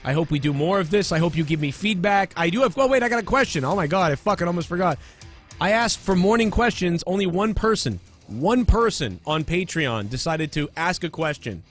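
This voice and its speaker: A man's voice: sits high, animated, a little fast, fairly bright tone, soft background music. A man hosting a comedy podcast, ranting casually with constant fillers, restarts and swearing. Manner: rambling, profane, many fillers and restarts. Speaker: podcast host.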